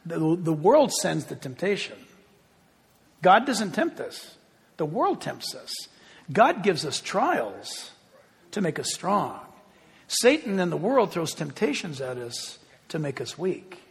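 A man preaching a sermon as pastor, emphatic and swinging from quiet, low asides to loud, ringing appeals. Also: very animated, takes it slowly, gravelly, slightly rough. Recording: long hall reverb.

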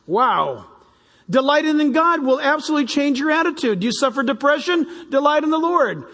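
A man's voice: extremely high pitch, brisk. Older male pastor preaching in an echoing hall. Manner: animated, jokey, acts out voices. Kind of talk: sermon. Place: church hall. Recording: reverberant hall.

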